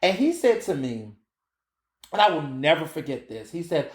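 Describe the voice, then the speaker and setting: A man in his thirties hosting a podcast, telling a story in a casual, animated way and swearing freely. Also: a little high, normal speed, echoey room. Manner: animated, acts out quoted dialogue, swears freely. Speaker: podcast host.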